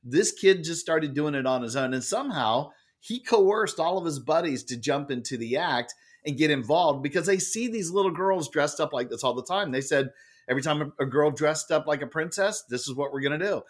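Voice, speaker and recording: A man telling a story as a podcast guest, with a loud and lively manner. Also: fairly high pitch, fairly quick. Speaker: guest, author and speaker. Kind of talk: animated storytelling in a podcast interview.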